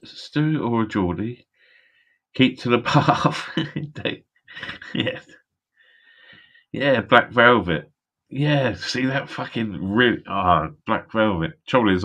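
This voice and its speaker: A man with a deep yet bright, forceful voice, talking in a loose, rambling way. He laughs a lot and swears constantly as he chats on a live stream. It sounds like a video call. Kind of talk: casual chat.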